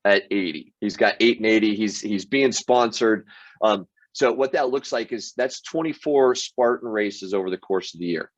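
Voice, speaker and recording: A man with a fairly low voice shares motivational stories as a show host. He speaks earnestly and often restarts his sentences. The recording is dry and a bit dull. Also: normal speed, no room sound. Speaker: sales team leader and show host. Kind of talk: motivational storytelling monologue.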